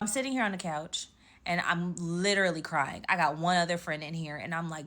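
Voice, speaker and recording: Bright-voiced woman telling a dramatic story. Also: on the low side, fairly quick. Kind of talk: storytime vlog.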